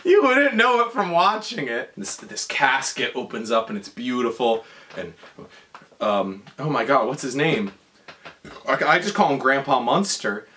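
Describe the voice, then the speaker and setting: A man's voice: mid-range voice, very animated, a little slow, pushed and bright. A drunk young man in a comedy sketch, rambling through a movie plot with stumbles, restarts and giggles. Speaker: comedy performer.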